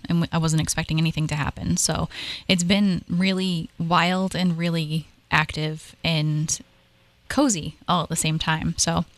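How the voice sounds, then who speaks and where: A woman in her thirties recounts ghost encounters in a chatty, animated way, rushing through stretches and padding with fillers. Her voice sits fairly low for a woman. The sound is dry and close. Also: dry recording. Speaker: paranormal investigator, guest. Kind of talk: casual storytelling conversation.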